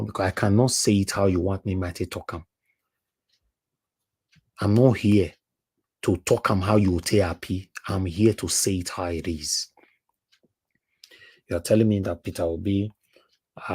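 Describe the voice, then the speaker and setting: A man's voice: deep voice, darkish tone, husky, no echo. A Nigerian man with a Nigerian accent, a livestream panelist talking emphatically and repeating words when heated, slipping into Pidgin. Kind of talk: livestream commentary.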